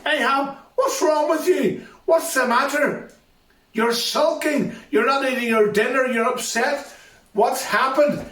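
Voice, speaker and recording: Pitched up high and echoing from far off in a big room, a bossy queen fusses and schemes, as a man speaking to a school assembly puts her on. She coaxes and gives orders in the same breath. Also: a little slow, fairly bright tone. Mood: fussing. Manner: coaxing, commanding. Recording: echoey hall, far from mic.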